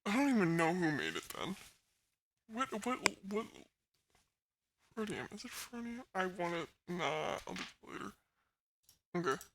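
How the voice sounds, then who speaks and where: Speaking at a measured pace with long pauses, this woman has a fairly low, sing-song voice against a noisy background. She's live streaming from her bedroom, chatty and giggly as she laughs and talks with her chat.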